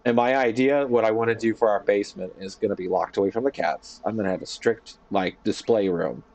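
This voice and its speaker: A man streaming from his home office, chatting casually and telling a rambling, animated story with lots of fillers. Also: fairly low pitch, fairly quick. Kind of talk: casual chat.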